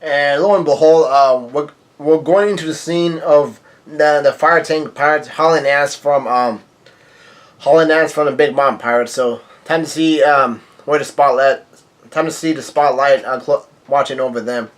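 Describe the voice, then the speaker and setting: A man with a slightly high voice casually reads comic panels aloud at a normal speed, like a manga reaction reader. He delivers the characters' lines flatly, stumbles over words and fixes them, and sometimes stops to react with surprise.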